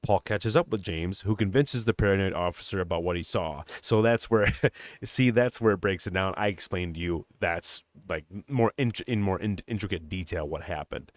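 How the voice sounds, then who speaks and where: A man's voice: low-pitched, normal speed, no echo. A man co-hosting a podcast, retelling a film in a rambling, casual way with lots of swearing. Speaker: podcast co-host.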